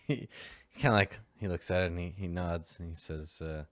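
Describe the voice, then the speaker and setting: A man's voice: low-pitched, normal speed, long pauses, a bit bright, no room sound, clean studio sound. A man narrating as game master in a casual, rambling way, full of fillers.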